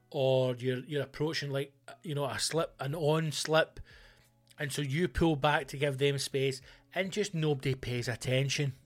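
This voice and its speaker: A man with a Scottish accent hosting a comedy podcast, ranting loudly and swearing a lot. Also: fairly high pitch. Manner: loud, sweary, animated ranting.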